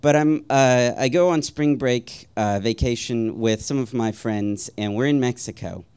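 A man telling a personal story in a wry, self-deprecating way, rambling a little with ums and uhs and soft chuckles. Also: mid-range voice, unhurried, smooth.

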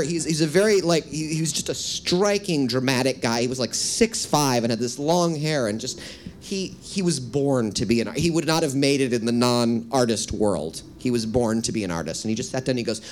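A man's voice: medium pitch, fairly quick. Midwestern male author, wry first-person storyteller, mid-range voice, faint hiss. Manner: self-deprecating, wry, animated asides.

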